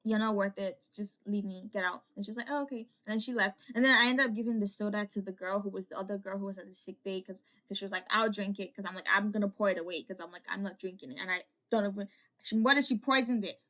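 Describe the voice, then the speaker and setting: A woman's voice: medium pitch, fairly even intonation, fast, bright, forceful tone. A young woman vlogger telling a personal story in a casual, rambling way, full of "like" fillers and restarts.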